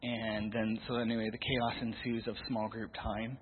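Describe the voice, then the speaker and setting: A middle-aged man, a youth leader, telling a testimony in church, animated and acting out quotes with many restarts. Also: fairly low pitch, moderate pace, background noise. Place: church hall. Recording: tinny, echoey hall recording.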